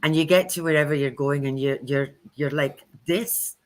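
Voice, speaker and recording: A woman's voice: sits low, normal speed. A woman co-hosting a live spiritual chat, telling chatty anecdotes and acting out the quoted speech. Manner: chatty storyteller who acts out quoted speech. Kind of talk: casual live-stream talk.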